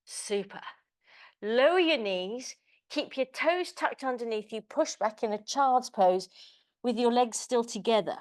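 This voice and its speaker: A woman's voice: on the high side, darkish tone. Chirpy woman leading pilates. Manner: chirpy, encouraging, chatty asides to class members. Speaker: pilates instructor. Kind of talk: live online fitness class cueing.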